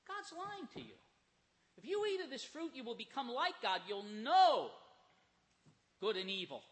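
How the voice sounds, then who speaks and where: A preacher voicing a sly tempting devil. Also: male voice, extremely high pitch, sing-song, measured pace, big-room sound, voice pushed up, full character voice. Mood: coaxing. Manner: coaxing, persuasive.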